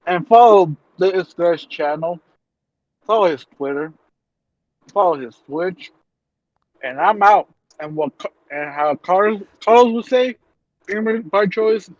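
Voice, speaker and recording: Guest dude talking real slow, kinda high voice, dull lo-fi sound. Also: male voice, no echo. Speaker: podcast guest. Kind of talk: casual outro chat.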